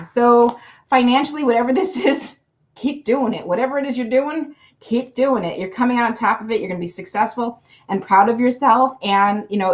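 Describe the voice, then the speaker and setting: A woman's voice: medium pitch, highs cut off. A woman giving casual card readings to viewers on a livestream, chatty and affectionate, calling people hun. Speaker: card reader.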